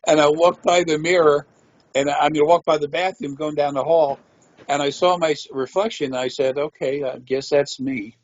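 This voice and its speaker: A man's voice: on the high side, steady tone, brisk, no room sound, dull audio. A man telling a rambling personal story in a matter-of-fact way, with frequent swearing. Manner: meandering, profane, matter-of-fact. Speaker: interviewee.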